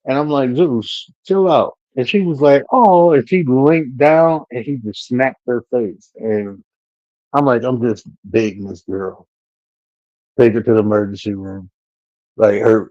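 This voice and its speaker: A man's voice: mid-range voice, mellow, dry recording, dull audio. A man telling a profane, slang-heavy story in casual talk on a live panel stream.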